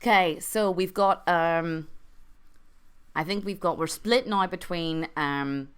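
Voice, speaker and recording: A young adult woman runs an improvised story for her chat, tossing in wry, self-mocking asides. Her voice sits low and sounds smooth and clear. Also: slow pace. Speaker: streamer and storyteller.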